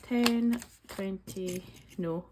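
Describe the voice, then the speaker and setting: Over a noisy background, a budgeting vlogger talks extremely slowly in a medium-pitched voice. She's a Scottish Highlands woman in her forties, chatting casually while cash stuffing, counting money out loud and rambling with plenty of ums.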